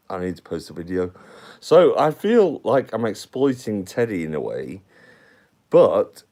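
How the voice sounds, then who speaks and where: A man's voice: low voice, darkish tone. A man chatting casually and rambling to viewers on a live stream. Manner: rambling, chatty, talks to the chat.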